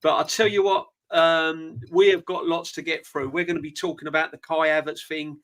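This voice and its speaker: A man hosting a casual live-stream football chat, talking fast and eager, out of breath. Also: fairly high pitch. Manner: energetic, quick, calls guest brother. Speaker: podcast host.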